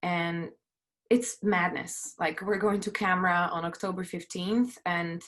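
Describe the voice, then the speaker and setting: A middle-aged woman producer on a video call from home, sharing her story in an earnest, halting way, emotional and near tears, with many fillers and restarts. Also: lowish voice, steady tone, a bit bright. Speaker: panelist, film producer. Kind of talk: personal testimony on a panel.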